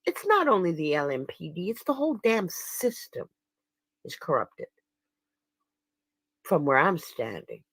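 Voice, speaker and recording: A woman's voice: on the low side, huge pitch swings, a little slow, pauses often, fairly bright tone, breathy edge, no room sound. A woman giving casual, indignant livestream commentary as an activist, emphatic and laughing scornfully at her critics.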